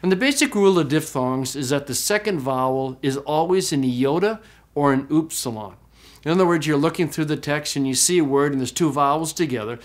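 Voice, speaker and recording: A man teaching a recorded class, explaining step by step, often checking in with "okay?", and slowing way down to model pronunciations. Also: a little high. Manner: slow, drawn-out demonstration of pronunciations. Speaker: Greek teacher.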